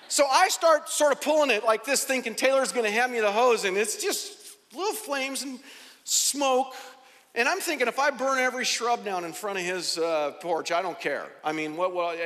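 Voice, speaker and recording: Middle-aged male pastor, high bright voice, reverberant hall sermon. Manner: animated, dramatic retelling. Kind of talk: sermon storytelling. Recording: long reverb of a large hall.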